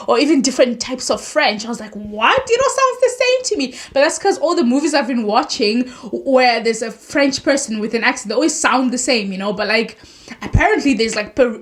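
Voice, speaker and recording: A young woman from Africa, chatting earnestly in a casual opinion vlog, with many fillers. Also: fairly high pitch. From South Africa. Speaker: vlogger.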